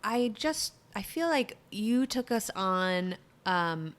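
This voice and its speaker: A woman co-hosting a podcast in casual chat, quick and enthusiastic as she leads a game. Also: medium pitch, lively intonation. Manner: warm, quick and enthusiastic when running the game. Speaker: podcast co-host.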